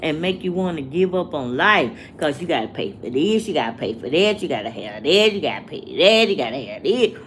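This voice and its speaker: A woman, talking to her livestream viewers in a slow, preachy way and asking the same rhetorical questions over and over. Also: low-pitched, animated, a little hiss or hum. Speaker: vlogger. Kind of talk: casual livestream rant.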